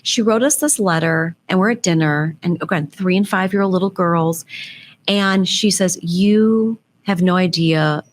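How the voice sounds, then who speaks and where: Interview guest: woman, lowish voice, earnest heartfelt storyteller. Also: unhurried. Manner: earnest, emotional storytelling with faith references. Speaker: guest, business founder and CEO. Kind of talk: conversational storytelling in a podcast interview.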